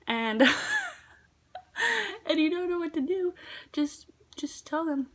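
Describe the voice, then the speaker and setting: A woman's voice: high-pitched, sing-song, slow, pauses often, a bit bright. A teenage girl casually telling work stories in a vlog, chatty with lots of fillers, sometimes dropping to a whisper. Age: teens. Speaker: vlogger.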